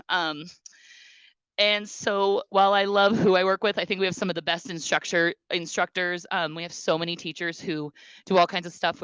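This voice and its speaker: Low-voiced bright teacher addressing a board. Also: female voice, clear, resonant tone, no echo, muffled recording. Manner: talkative, warm-hearted, emotional, with many ums. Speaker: teacher and union president. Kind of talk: speech at a school board meeting.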